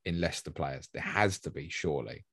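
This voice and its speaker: A man's voice: very deep voice, expressive, a little fast, a bit bright, slightly rough, no room sound, clean studio sound. A man hosting a casual podcast, chatty and rambling, swearing now and then. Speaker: podcast host. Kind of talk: casual fantasy football podcast chat.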